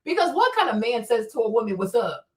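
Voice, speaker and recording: A woman's voice: a little high, very animated, fast. A woman hosting a casual live stream chat, blunt and profane, scolding her viewers. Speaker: host. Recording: echoey room, voice from a distance.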